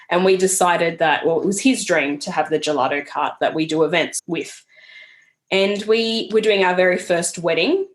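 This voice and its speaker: A young adult woman, a podcast guest speaking in an earnest, reflective storytelling manner. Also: lowish voice. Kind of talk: casual conversational interview.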